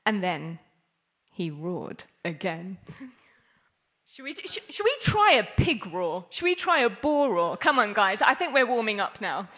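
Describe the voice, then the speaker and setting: A woman's voice: mid-range voice, sing-song, measured pace, fairly bright tone. A woman giving an interactive scripture class, playful and laughing often as she quizzes her listeners. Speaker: class speaker.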